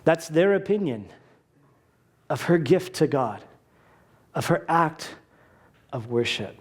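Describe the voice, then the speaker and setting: A man's voice: fairly high pitch, animated, slow pace. A man preaching a sermon as pastor, talking in a conversational way with casual asides and briefly acting out quoted voices.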